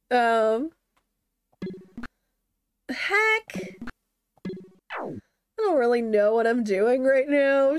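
Giggly high-voiced young woman streamer. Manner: giggly and self-mocking. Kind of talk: casual gameplay commentary.

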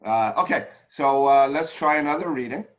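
A man coaching an acting student, talking in a relaxed, chatty way with frequent restarts. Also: medium pitch, normal speed. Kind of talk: coaching session. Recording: dull lo-fi audio.

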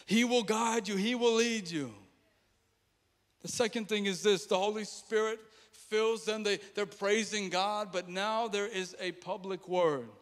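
A pastor preaching with passion, swinging between ringing declarations and hushed, intimate asides, through a stage microphone in a large church auditorium. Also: male voice, sits high, fairly even intonation, measured pace. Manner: impassioned, repetitive preaching with dramatic drops to quiet. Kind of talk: sermon. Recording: reverberant church hall.

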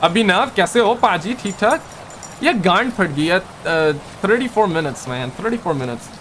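A man's voice: high voice, animated, moderate pace, fairly bright tone, a little hiss or hum. A man from Pakistan, chatting casually on a live stream, joking and rambling as he reads viewer comments aloud. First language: Urdu. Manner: joking, rambling, playful slang. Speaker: livestreamer.

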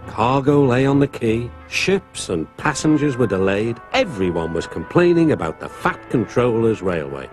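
A man narrating a children's story in an expressive, lilting way, with music behind. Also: medium pitch, normal speed, hardly any pauses.

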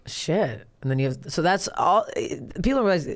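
A woman's voice: fairly low pitch, lively intonation, fairly quick, no room sound. A woman hosting a comedy podcast, brash and profane, laughing often in casual chat. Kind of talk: casual chat and tour ad read.

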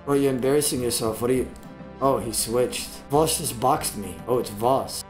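A man streaming live gameplay, trash-talking and swearing a lot, with sudden bursts of yelling as he coaches viewers through fights. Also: mid-range voice, moderate pace, soft background music.

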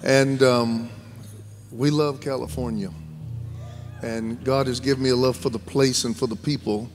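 A man in his fifties with a Southern American accent, a guest pastor preaching a sermon in a folksy, joking way that rises to shouted fervor. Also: mid-range voice, fairly even intonation, measured pace, over music. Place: large church sanctuary.

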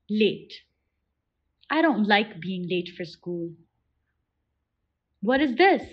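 Slow-talking woman teacher sounding out words. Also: fairly high pitch, highs cut off. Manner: patient, encouraging prompts to repeat. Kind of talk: children's phonics lesson.

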